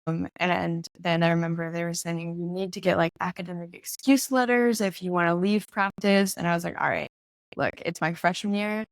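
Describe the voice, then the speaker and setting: A woman's voice: fairly low pitch, fairly even intonation, moderate pace, no room sound. A young woman chatting as a guest in an in-person interview, laughing often and acting out what others said. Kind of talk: casual interview conversation.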